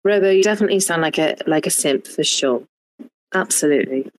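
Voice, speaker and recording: A woman's voice: low-pitched, a little fast, poor audio. A woman in a casual group chat, playful and teasing.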